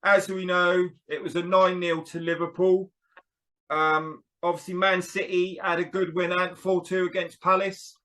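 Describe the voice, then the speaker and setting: Male host, chatty, high and bright tone. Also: little pitch movement, unhurried. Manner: chatty, running the running order. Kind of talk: hosting a casual panel chat.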